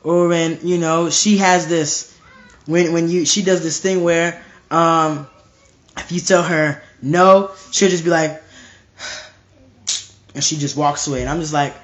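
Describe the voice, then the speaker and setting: Young male street-style preacher, slightly raised pitch, hammering repetitions, loose informal delivery. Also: steady tone, slow, pauses often. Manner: emphatic and repetitive, restarting phrases. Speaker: preacher on a live stream. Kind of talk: informal preaching to a live stream.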